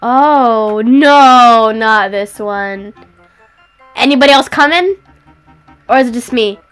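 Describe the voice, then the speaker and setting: A woman's voice: on the high side, slow, smooth, faint music behind. A woman giving casual game commentary, exclaiming and crying out as she plays. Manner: excitable, cries out and exclaims. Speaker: gameplay commentator.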